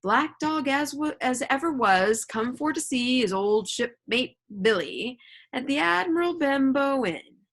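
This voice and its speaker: A woman voicing a gruff old male pirate who swings between fawning and sneering, read aloud from a storybook. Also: sits high, lively intonation, a little slow, a bit bright, pitched above the performer's own voice, heavily acted. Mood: coaxing.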